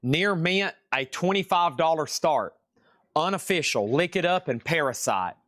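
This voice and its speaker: A man with a Southern US accent hosts a live-stream record sale, keeping up chatty, rambling patter and often correcting himself. His voice is fairly high, animated and fairly bright, at a measured pace, with clean studio sound and no room sound.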